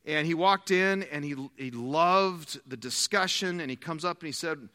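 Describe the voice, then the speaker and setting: Pastor guy preaching, bright punchy voice, acts out the dialogue in his stories. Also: on the high side, moderate pace, in a large hall. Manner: animated storytelling, acts out quoted dialogue. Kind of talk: sermon.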